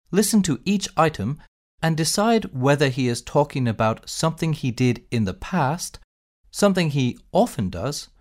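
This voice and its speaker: Man, textbook narrator, slow pace, lively intonation, measured storytelling. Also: on the high side. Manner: clear, measured storytelling with expressive emphasis. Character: space captain telling his own adventure. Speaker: textbook audio reader.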